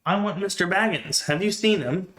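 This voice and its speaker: A man's voice: sits high, normal speed, a bit bright, pitched above the performer's own voice, poor audio. A man doing a cheeky young hobbit. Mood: cheerful. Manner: teasing, lighthearted.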